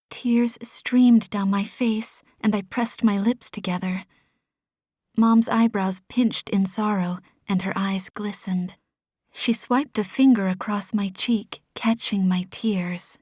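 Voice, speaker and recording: A woman narrating a first-person fantasy novel in a soft, hushed, measured voice. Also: mid-range voice, steady tone, no room sound, clean studio sound. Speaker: audiobook narrator.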